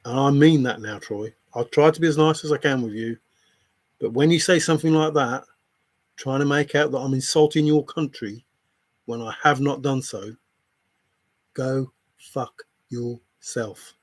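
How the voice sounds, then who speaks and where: A man's voice: mid-range voice, moderate pace, no room sound. A man livestreaming, confronting a viewer in chat with an angry, repetitive, swearing rant.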